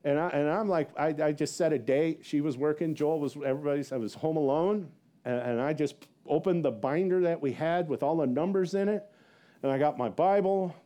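A male pastor preaching a sermon as a rambling personal story, acting out what people said with big swings in his voice and laughing at himself. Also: brisk. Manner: animated, acts out quotes with big pitch jumps; rambling with many fillers and self-laughs.

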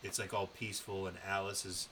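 A man's voice: low voice, flat delivery, brisk, pushed and bright, slight background noise, low-quality recording. A man co-hosting a podcast, telling a road-trip story in a loose, profane, casual way. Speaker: podcast co-host. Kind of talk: casual chat.

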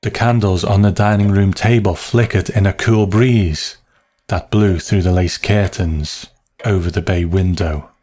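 A man narrating a story in a slow, measured, hushed way. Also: low voice, steady tone.

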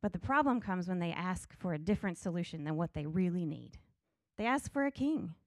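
A woman's voice: on the low side, lively intonation, fairly quick, no echo, studio quality. A middle-aged woman teaching a Bible study in an earnest, conversational way, reading scripture passages aloud.

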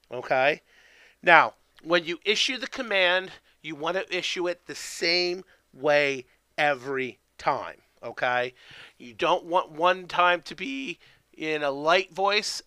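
A man teaches obedience basics in a casual, rambling way, stopping after each point to ask "okay?". His voice is bright and crisp and pitched a little high. The recording is dry, with no room sound. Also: no echo. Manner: keeps tagging sentences with "okay?"; loose, conversational, with fillers and restarts. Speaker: dog training instructor. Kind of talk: instructional talk.

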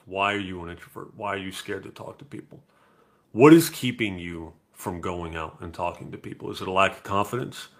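Animated gravelly man hosting a podcast. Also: fairly low pitch. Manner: blunt, profane and animated. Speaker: podcast host. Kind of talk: casual live-stream chat.

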